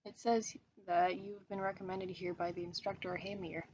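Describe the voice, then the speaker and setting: A woman voicing a brisk, businesslike female receptionist in a horror story. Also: fairly low pitch, level tone, darkish tone, muffled recording, a little hiss or hum, natural voice.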